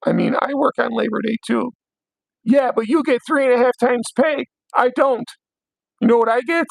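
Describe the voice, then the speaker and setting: A hoarse young man hosting a late-night livestream, ranting bluntly with plenty of swearing. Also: very high voice, moderate pace, no echo, rough recording. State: hoarse, voice worn out. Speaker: livestream host.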